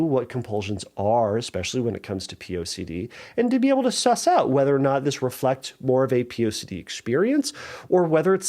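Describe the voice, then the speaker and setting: A middle-aged man hosts his own podcast as a therapist, talking through a listener's worry in an earnest, reassuring way. His pitch sits in a normal middle range but swings widely as he stresses points. He often stops and restarts as he thinks aloud. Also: a little mellow. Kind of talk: solo podcast advice talk.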